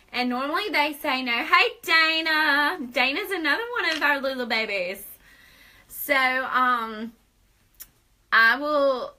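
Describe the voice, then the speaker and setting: A bright, high-pitched young woman hosts a casual live video chat. She talks in an upbeat, persuasive way and laughs often. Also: poor audio. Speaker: host.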